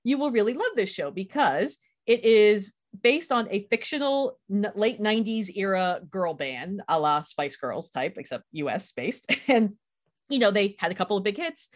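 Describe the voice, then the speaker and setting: A woman's voice: mid-range voice, big pitch swings, normal speed. Chatty enthusiastic woman host. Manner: enthusiastic, chatty, frequent laughs. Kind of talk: casual chat.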